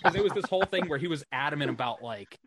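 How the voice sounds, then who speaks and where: A man's voice: on the high side, expressive, rapid-fire, background noise. A man hosting a podcast, chatting loosely, swearing and laughing as he recalls a story. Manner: rambling, swears freely, laughs a lot. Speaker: podcast host. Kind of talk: casual chat.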